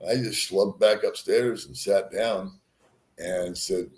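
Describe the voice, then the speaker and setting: Older male vlogger, very low voice, rambling and profane storyteller. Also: fairly even intonation, slow pace, echoey room. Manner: rambling, laughs at his own story, swears freely. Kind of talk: casual storytelling.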